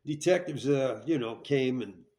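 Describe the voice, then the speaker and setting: Blunt, profane man telling a rough story. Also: mid-range voice, a little slow, warm tone. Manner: blunt and profane, with rambling restarts; checks in with tag questions. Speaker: former prisoner telling his story. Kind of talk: candid storytelling.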